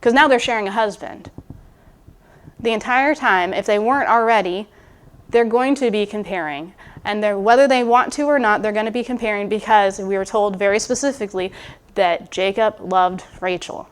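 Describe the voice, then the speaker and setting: A woman's voice: mid-range voice, moderate pace, clear, resonant tone. A woman preaching a sermon in an informal, musing way, with restarts and asides, sometimes speaking a biblical character's thoughts aloud. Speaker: guest preacher. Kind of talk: conversational sermon.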